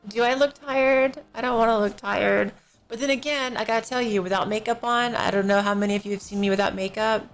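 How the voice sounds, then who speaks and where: A woman's voice: on the high side, a bit bright. Drowsy woman streamer, rambling chat. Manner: rambling, slightly out of it. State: drowsy and yawning. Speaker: live streamer. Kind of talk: casual live-stream chat. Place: home desk streaming setup. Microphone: professional-grade desk microphone. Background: faint music from a neighbor.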